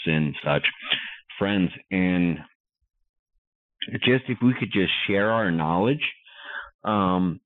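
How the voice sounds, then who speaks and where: A man talking casually as a podcast guest, halting and full of fillers and restarts, heard over a call line. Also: sits low, dry recording. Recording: tinny phone-line call.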